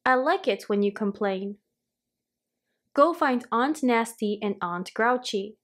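A woman doing a shrill bossy mother witch. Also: slow.

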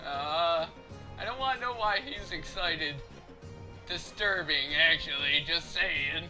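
A man's voice: on the high side, slow pace, music in the background. A man giving casual, jokey commentary while playing a video game. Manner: jokey, goofy. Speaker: let's play host.

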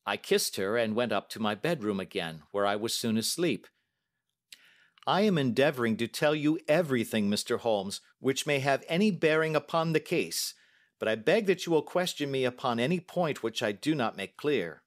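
A man narrating a story aloud for English learners in a measured, deliberate way. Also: mid-range voice, expressive. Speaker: story reader.

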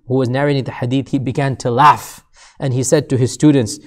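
An Islamic lecturer with a mid-range voice, fairly even intonation and a moderate pace tells a story in a sermon-style lecture. He builds emphasis through repetition and puts rhetorical questions to his listeners.

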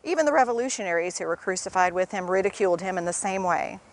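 A woman reading a devotional passage from the Bible aloud outdoors in front of a city hall, in a measured, expressive way. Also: on the low side. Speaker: scripture reader.

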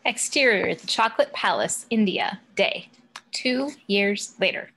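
A woman reads out the action descriptions of a script. Her tone is even and matter-of-fact, her voice mid-pitched. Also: unhurried, slight background noise. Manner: plain, matter-of-fact reading. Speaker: narrator of stage directions. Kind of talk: reading a script aloud.

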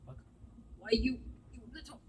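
A man's voice: extremely high pitch, big pitch swings, normal speed, darkish tone, a little hiss or hum, voice pushed up, low-quality recording. A man doing a huffy, proud boy engine. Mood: indignant. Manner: indignant, stumbling over words.

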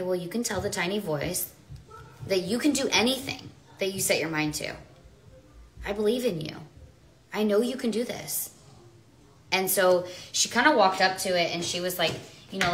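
A woman with a very bright, forward voice talks on a livestream. She is a mother who rambles and justifies herself, and she often breaks off and restarts her sentences. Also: fairly low pitch. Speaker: mother and social media seller. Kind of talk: rambling live stream monologue.

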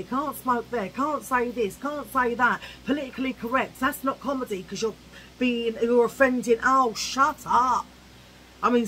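A woman's voice: mid-range voice, fairly bright tone, a little hiss or hum, rough recording. A woman ranting cheekily to camera in a casual vlog, chatty and opinionated. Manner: chatty, cheeky, ranting, mimics old-fashioned voices. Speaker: vlogger.

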